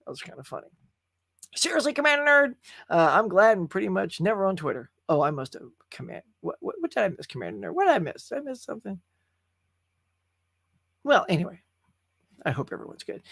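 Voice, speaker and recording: A man's voice: high voice, big pitch swings, a little fast, creaky, pushed and bright, dry recording, clean studio sound. A man hosting a casual live stream, chatting loosely, laughing and reading viewer comments aloud. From California. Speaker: host.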